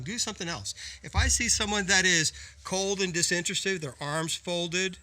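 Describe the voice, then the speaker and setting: A man's voice: high voice, moderate pace, hardly any pauses, bright, forceful tone. A man co-hosting a business podcast, explaining in an emphatic, coaching way and often tagging points with "right?". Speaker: podcast co-host. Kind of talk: casual business podcast talk.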